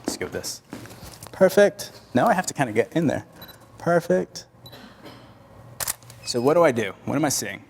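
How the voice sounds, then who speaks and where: A man's voice: fairly high pitch, big pitch swings, moderate pace, pauses often, darkish tone. A man teaching photography at a live workshop, chatting with the audience and directing his assistants while he shoots. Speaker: photography instructor. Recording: hall reverb, faint noise.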